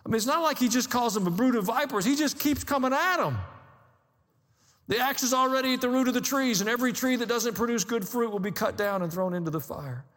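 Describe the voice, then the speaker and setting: A man with a notably high voice delivers a sermon from the pulpit, mixing dry asides with rising emphasis. His words ring out with a long reverb, as if in a large sanctuary. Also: fairly bright tone. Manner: conversational preaching with dry humor and rising emphasis. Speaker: pastor.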